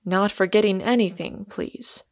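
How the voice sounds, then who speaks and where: Storybook role: a severe, roguish young man, read by a woman, slow and deliberate, with a gravelly edge. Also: medium pitch, no echo, clean studio sound, natural voice. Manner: severe, mocking authority. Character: stern, roguish young man holding a pistol.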